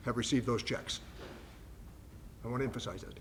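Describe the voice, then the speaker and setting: An older man, a congressman, giving measured, emphatic press conference remarks on a factory floor, with frequent fillers and restarts. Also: mid-range voice, breathy edge.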